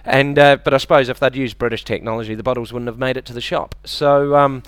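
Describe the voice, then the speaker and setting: Deadpan New Zealand comedian, smooth voice. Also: male voice, mid-range voice, fast, dry recording. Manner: deadpan, self-deprecating, bantering with the audience. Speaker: stand-up comedian. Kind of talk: stand-up comedy routine. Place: comedy club stage.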